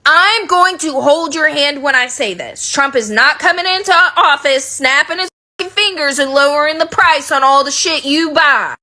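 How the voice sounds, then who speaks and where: A woman's voice: sits high, normal speed, few pauses, pushed and bright. A woman ranting to camera in a heated, profane, sarcastic way about politics. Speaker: social media commentator.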